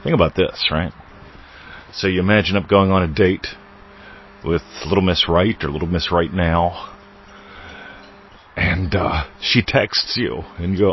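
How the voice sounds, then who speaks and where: A man's voice: low-pitched, measured pace, pauses often, muffled recording, a little hiss or hum. A man hosting a podcast, teaching in a loose, playful way with wordplay and asides. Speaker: podcast host. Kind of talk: casual spiritual teaching monologue.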